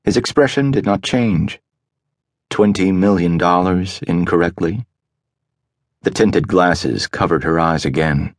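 A man narrating an audiobook in a steady, even reading. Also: low-pitched, measured pace, no room sound, clean studio sound. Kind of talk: scripted narration.

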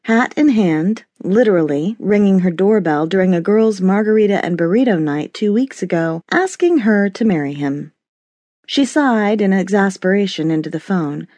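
A woman narrating a romance audiobook in an expressive storytelling manner, close to a studio mic. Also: lowish voice, moderate pace, dry recording. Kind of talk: scripted narration.

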